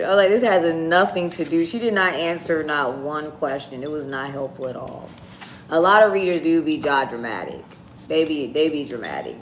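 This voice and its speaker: A woman's voice: low voice, a bit bright. A woman reading tarot on a live stream, chatting casually and bluntly with her viewers. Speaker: tarot reader. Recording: echoey room with faint ambient noise.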